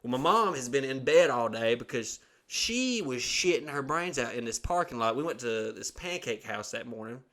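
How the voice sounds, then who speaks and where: A man's voice: mid-range voice, normal speed, hardly any pauses. A man, from Alabama, hosting a podcast and telling a long story in a casual, profane way, acting out the voices of the people in it. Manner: profane, animated storyteller who acts out quotes. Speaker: podcast host.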